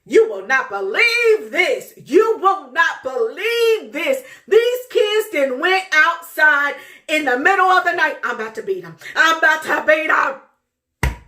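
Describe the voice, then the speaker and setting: Lady putting on her mad mom, yelling and high-pitched, totally can't believe it, echoey room. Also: big pitch swings, normal speed, hardly any pauses, full character voice. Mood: outraged. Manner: loud, outraged and disbelieving. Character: furious mother woken at night.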